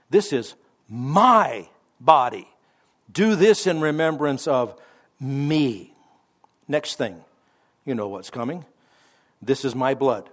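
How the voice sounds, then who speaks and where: A man teaching the Bible as a radio pastor, conversational with offhand asides and self-corrections, slowing down to stress the scripture he quotes. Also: a little high.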